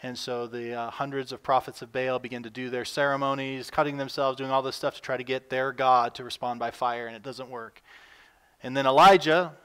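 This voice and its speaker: A man preaching a sermon as pastor, earnest, with his voice lifting and getting louder when he reads scripture aloud. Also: steady tone, brisk, clear, resonant tone. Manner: earnest, rises in pitch and volume when reading scripture.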